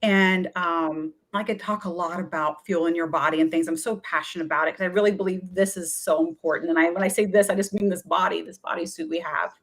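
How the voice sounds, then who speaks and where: A middle-aged woman, a wellness coach, telling lively stories in an interview and acting out what people said to her. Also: fairly low pitch, fast talker, hardly any pauses. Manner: energetic, chatty, often acts out quoted voices. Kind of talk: animated storytelling in a talk-show interview.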